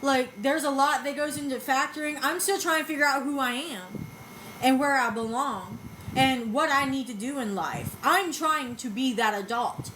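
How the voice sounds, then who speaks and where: A woman's voice: high voice, a bit bright, slight background noise, rough recording. A woman, talking back bluntly to videos about herself, defensive and swearing freely. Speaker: vlogger reacting to videos. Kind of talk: casual reaction commentary.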